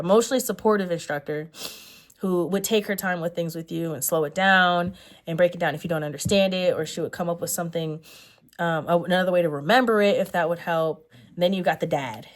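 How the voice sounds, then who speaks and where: A young woman in a relaxed sit-down vlog, her voice sitting a touch low. She rambles earnestly, circling back and fixing her words as she goes. It sounds like she is thinking out loud. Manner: rambling, earnest, self-correcting with many fillers. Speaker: vlogger. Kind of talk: sit-down reflective chat.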